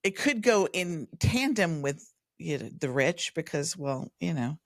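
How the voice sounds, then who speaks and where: An American woman telling stories as a podcast guest, animated and full of restarts. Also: sits low, unhurried, no echo, studio quality. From United States. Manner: animated storyteller with many restarts. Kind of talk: casual podcast chat.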